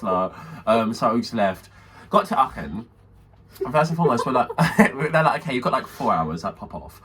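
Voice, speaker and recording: A man's voice: lowish voice, lively intonation, fast, a bit bright. A man co-hosting a podcast, telling a story in casual chat, swearing freely and mimicking the people in it. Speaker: podcast co-host. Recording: distant mic with faint background noise.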